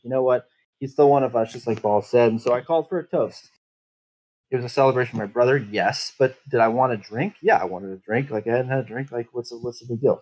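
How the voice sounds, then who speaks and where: In a rough recording with a little hiss or hum, a man with a medium-pitched, slightly mellow voice tells his tabletop character's backstory in first person. The story is bitter, rambling, and full of swearing.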